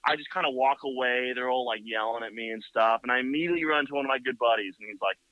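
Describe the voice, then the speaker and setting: A motorcycle builder telling a long story in casual chat, full of "like" and "you know.". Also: male voice, medium pitch, quick pace, few pauses, dry recording. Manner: rambling, filler-heavy with many "like" and "you know". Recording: dull lo-fi, dry sound.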